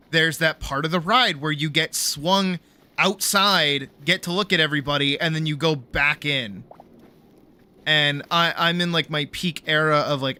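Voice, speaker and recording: A man's voice: fairly high pitch, pushed and bright, smooth. A young man streaming a game, telling a story in a rambling, laid-back way, swearing freely and saying "like" a lot. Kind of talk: casual storytelling while gaming.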